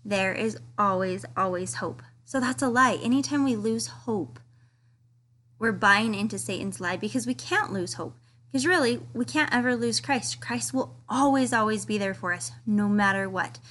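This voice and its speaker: A woman's voice: mid-range voice, moderate pace, a bit bright, a little hiss or hum. A woman giving a casual, earnest devotional study talk, reading quotes aloud with enthusiasm. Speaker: scripture study teacher.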